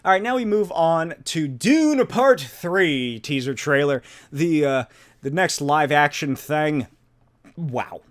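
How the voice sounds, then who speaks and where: A man's voice: on the high side, expressive, takes it slowly. Rambling, laughing male podcast host. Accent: non-native or regional accent. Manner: rambling, laughs often, swears casually. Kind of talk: casual solo podcast chat.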